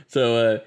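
A man casually recapping an anime episode with friends, swearing often and laughing, animated in his retelling. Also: on the high side. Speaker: podcast co-host.

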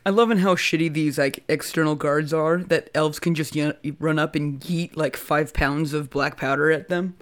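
A man's voice: a little high, fairly even intonation, moderate pace, few pauses. A man co-hosting a casual recap chat, teasing his friend, swearing and stumbling over restarts. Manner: teasing, crude, stammers on restarts. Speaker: podcast co-host.

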